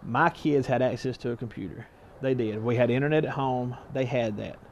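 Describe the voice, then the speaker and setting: A man's voice: mid-range voice, brisk, muffled recording, a little hiss or hum. Plain-spoken man. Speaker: school educator and parent. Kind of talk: documentary interview.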